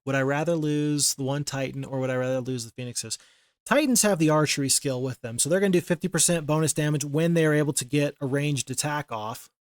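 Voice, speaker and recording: A man's voice: fairly high pitch, a little fast, no room sound, clean studio sound. A man giving casual gameplay commentary as a channel host, thinking aloud, counting under his breath and criticizing his own moves.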